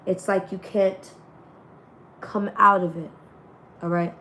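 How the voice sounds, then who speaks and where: Speaking slowly in a level, sharp-edged voice of medium pitch, this tarot reader gives her online audience a spiritual reading. She keeps it loose, full of slang and swearing, though her voice is still recovering, and faint noise sits in the background.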